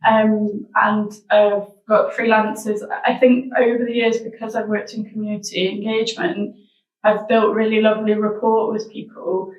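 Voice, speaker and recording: A woman's voice: mid-range voice, little pitch movement, moderate pace, muffled recording. A woman being interviewed about her wellbeing social enterprise, talking reflectively and searching for her words. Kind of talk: casual interview chat. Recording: roomy sound, mic at a distance.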